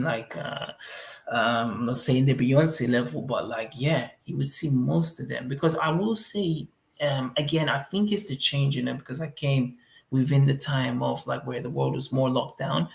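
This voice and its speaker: Laid-back gravelly man in echoey room. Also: mid-range voice. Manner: laid-back, rambling with many fillers. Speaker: interview guest living abroad. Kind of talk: casual interview answers. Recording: roomy echo.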